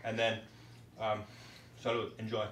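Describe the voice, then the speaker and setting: A man's voice: on the low side, monotone, unhurried, a bit bright. A man hosting a home cooking demonstration in a hammy, put-on comic accent, giving chatty step-by-step instructions in his kitchen. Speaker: cooking show host. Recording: echoey kitchen with background noise. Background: sizzling and clattering pans.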